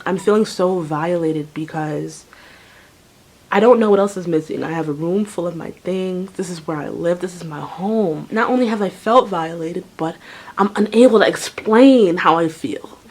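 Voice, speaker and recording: A young woman vlogger telling a storytime tale in a lively way, acting out voices and sounds. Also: fairly low pitch, normal speed. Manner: animated, acts out voices and sounds. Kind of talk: storytime vlog.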